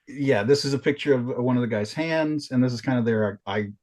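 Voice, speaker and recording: A man's voice: medium pitch, fairly quick. A man co-hosting a podcast in casual chat, telling stories with lots of restarts and swearing. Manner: animated storytelling, frequent swearing and restarts. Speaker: podcast co-host.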